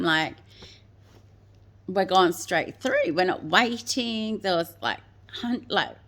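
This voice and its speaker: A woman's voice: lowish voice, a bit bright. A woman hosting her own show, telling a personal story casually, full of "like" and "you know" fillers. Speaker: host.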